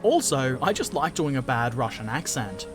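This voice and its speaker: A man's voice: medium pitch, sing-song, normal speed, over music. A man hosting a gaming channel, casually answering viewer comments with jokes and silly put-on voices.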